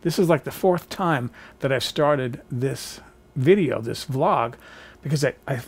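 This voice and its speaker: A man vlogging from his home kitchen, telling a college theater anecdote in an animated, theatrical way. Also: medium pitch, unhurried, husky. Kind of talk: casual storytelling to camera. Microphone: camera on a tripod.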